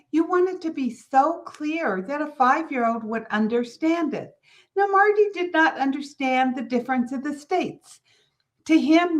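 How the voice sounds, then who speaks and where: A middle-aged woman from California hosting a motivational business podcast, telling a family story with lively, animated delivery. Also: high voice. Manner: storytelling, animated, quotes others in character. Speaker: podcast host.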